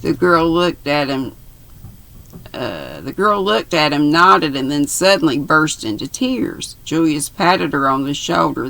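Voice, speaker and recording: An older woman reads a novel aloud at an unhurried pace, stopping now and then to fix a slip. Her voice has a gravelly, creaky grain and a bright, forward tone. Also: sits low, very animated. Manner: unhurried, stops to correct herself. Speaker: reader.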